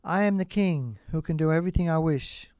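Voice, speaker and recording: A man's voice: a little high, brisk, a little mellow, clear, resonant tone, no echo, studio quality, lightly acted. A man playing a stubborn fairy-tale king. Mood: fond.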